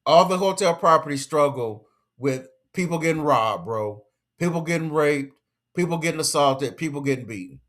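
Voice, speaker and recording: A man with a fairly high voice delivering an emphatic, slangy commentary rant. He lectures his listeners and hammers each point home by repeating it. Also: lively intonation, normal speed, fairly bright tone. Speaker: commentary vlogger.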